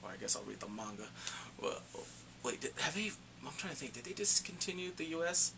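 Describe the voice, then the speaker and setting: A man's voice: fairly high pitch, a little fast, vocal fry, background noise. A man giving a casual, rambling episode review, often correcting himself as he goes. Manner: rambling, animated, self-correcting. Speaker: anime reviewer.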